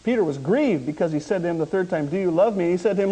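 Preacher, male, high-pitched, dramatic sermon delivery that swings from loud to hushed. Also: quick pace, hardly any pauses, breathy edge. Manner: animated storytelling, voicing the people of the story with swings from loud to hushed.

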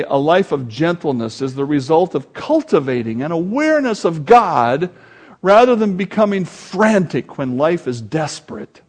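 An older man preaching a sermon as pastor, telling stories with animated delivery and acting out voices. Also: a little high. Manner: animated storytelling, acts out voices; quotes scripture with rising force.

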